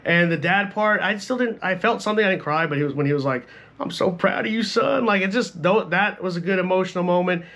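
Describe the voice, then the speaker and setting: A man's voice: high voice, fast talker, few pauses, fairly bright tone. A young man giving a casual, profane film review, talking bluntly and filling his sentences with "like" and "bro.". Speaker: movie reviewer.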